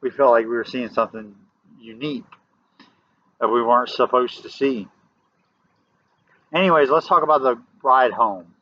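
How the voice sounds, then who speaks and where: Southern guy vlogging, rambles and restarts, gets loud and emphatic, kinda muffled audio. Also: mid-range voice, normal speed, pauses often. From American South. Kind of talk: casual storytelling to camera. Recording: dull lo-fi audio.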